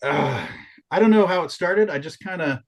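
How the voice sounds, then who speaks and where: A man's voice: on the high side, normal speed. A man co-hosting a podcast in casual chat, telling stories with lots of restarts and swearing. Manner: animated storytelling, frequent swearing and restarts. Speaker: podcast co-host.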